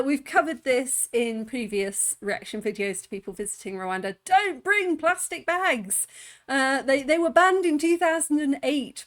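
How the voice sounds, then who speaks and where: A woman casually reacting to a travel video, chatty and jokey, laughing often. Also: fairly high pitch. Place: indoors at home.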